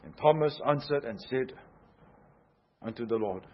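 A man preaching a sermon, emphatic, swinging from hushed, low passages to loud, insistent ones. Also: animated, unhurried, muffled recording.

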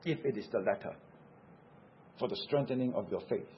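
A man's voice: medium pitch, moderate pace, slight background noise. Earnest male preacher, lo-fi sound. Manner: earnest, emphatic preaching with repeated phrases. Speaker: pastor. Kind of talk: sermon.

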